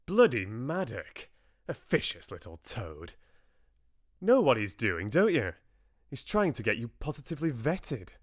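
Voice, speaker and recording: A man's voice: fairly low pitch, animated, moderate pace, no room sound, clean studio sound, close to an everyday voice. A man voicing Richard, a young prince, clipped and indignant, while reading a novel aloud. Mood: angry. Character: Richard, young prince, hot-tempered but loving.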